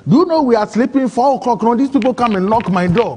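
A man with a Ghanaian English accent, telling his own story in an interview, excitable and acting out other people's words. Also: extremely high pitch, normal speed, hardly any pauses, slight background noise. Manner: excitable, acts out quoted voices, broken phrasing. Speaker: interview guest. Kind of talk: emotional personal storytelling.

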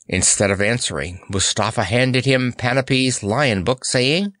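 A man reading a children's fantasy book aloud as narrator, in an expressive storytelling manner. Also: mid-range voice, a little slow, few pauses, no room sound, studio quality. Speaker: audiobook narrator. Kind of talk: scripted narration.

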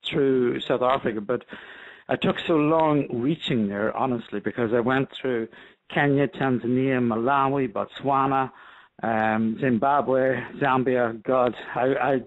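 A man's voice: mid-range voice, steady tone, a little slow, phone-quality sound. A man with a Northern Irish accent mixed with other accents, a doctor chatting in an interview, rambling with many restarts. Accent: Northern Irish, with a mixed international tint. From Northern Ireland. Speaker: doctor guest. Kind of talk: casual phone interview.

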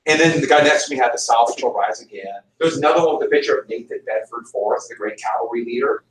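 A middle-aged American man teaching a history class, telling stories in an animated, joking way. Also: medium pitch, quick pace. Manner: animated, jokey storyteller with laughs. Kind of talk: classroom lecture with storytelling. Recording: roomy classroom audio from a distance.

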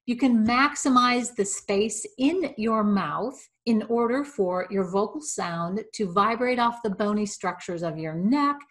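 A middle-aged woman speech coach giving an instructional tip about clear speaking, with careful, exaggerated diction. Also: medium pitch, a bit bright. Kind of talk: instructional video.

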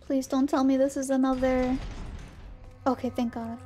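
High-voiced chatty woman streamer. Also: moderate pace, faint music behind. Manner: chatty, excitable, sing-song humming. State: losing her voice. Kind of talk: casual gaming stream chat.

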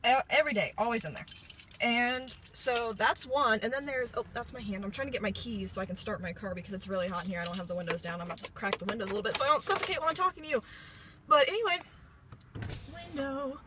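A woman's voice: fairly high pitch, fast talker, background noise. A woman in her late teens from Indiana, chatting in a rambling, bubbly way with a phone held at arm's length inside a parked car. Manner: rambling, bubbly, lots of filler words. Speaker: vlogger. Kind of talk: casual chatty vlog.

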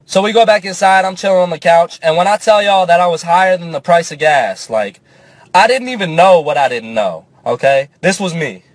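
Animated young male comic storyteller. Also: a little high, fairly quick, no echo. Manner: animated, profane, swings into character voices. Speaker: comedian.

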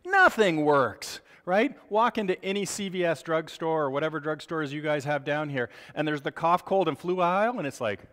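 Male medical lecturer, forties, slightly high voice, playful delivery, long hall reverb. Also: normal speed, hardly any pauses. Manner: joking, animated, asks rhetorical questions. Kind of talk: board review lecture.

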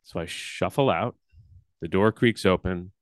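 Animated male storyteller, dry sound. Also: a little slow, no room sound. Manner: animated storyteller with big swings in pitch and loudness. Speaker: workshop leader. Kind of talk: personal storytelling talk.

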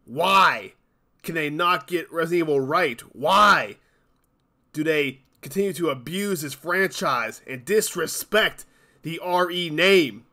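A man's voice: fairly high pitch, slow pace, bright, forceful tone. A man hosting his own channel, delivering an exasperated, profanity-laden ranting commentary with heavy emphasis. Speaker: YouTube channel host.

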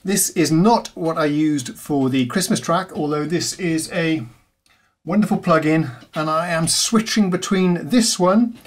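A man hosting a piano channel, talking casually to camera about his software in a chatty, self-mocking way. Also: on the high side, measured pace.

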